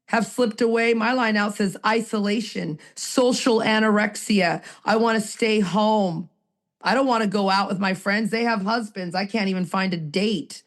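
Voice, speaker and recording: A Canadian-born woman in a recovery roundtable, sharing her story in a raw, emotional, rambling way. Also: mid-range voice. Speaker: recovery group participant.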